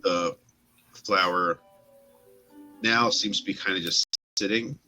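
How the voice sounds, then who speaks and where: A man with a low-pitched voice narrates as game master of a tabletop game. His tone is bright and forward, and he wanders through descriptions with frequent fillers. Faint music plays in the background. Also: fairly even intonation, takes it slowly.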